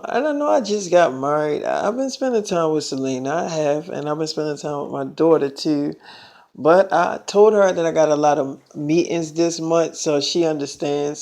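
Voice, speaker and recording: A man's voice: a little high, a little mellow. A man telling a made-up story in a casual, slangy, rambling way, full of fillers.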